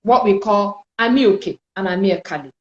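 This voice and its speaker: A woman teaching French in a spoken lesson, explaining slowly and deliberately and repeating sounds for her learners. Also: mid-range voice, expressive, roomy sound, lo-fi sound, over a noisy crowd.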